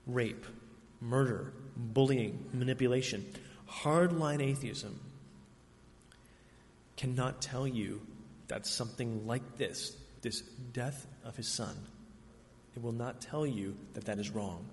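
A man's voice: mid-range voice, a little mellow. Earnest male preacher in a reverberant hall. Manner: earnest, emphatic, with dramatic pauses. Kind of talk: sermon. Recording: reverberant hall, faint ambient noise.

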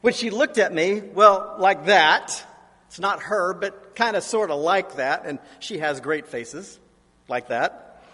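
A man's voice: high-pitched, animated, slow, bright, forceful tone, slightly rough, in a large hall. A man in his forties, a pastor preaching a sermon in a church, telling stories in a self-deprecating way. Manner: anecdotal, self-deprecating storytelling. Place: church sanctuary.

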